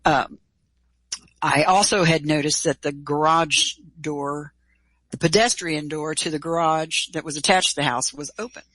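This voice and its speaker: A middle-aged woman telling a personal story in an interview, animated and casual, acting out quoted dialogue. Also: low voice, unhurried, no echo, rough recording. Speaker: guest.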